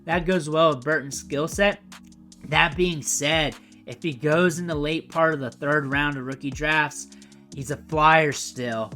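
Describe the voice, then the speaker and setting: A man's voice: fairly high pitch, bright, forceful tone. A man giving a casual, opinionated fantasy football draft breakdown, repeating his points emphatically.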